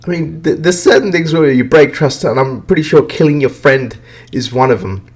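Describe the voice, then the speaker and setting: In a casual gaming rant on his podcast, the host speaks at a moderate pace, voice on the high side, cursing and not mincing words about video games.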